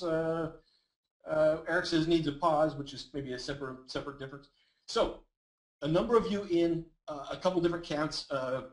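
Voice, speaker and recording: A man presenting a live webinar, teaching voice exercises with energetic, encouraging talk and reading out audience comments. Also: a little high. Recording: roomy echoey webinar audio.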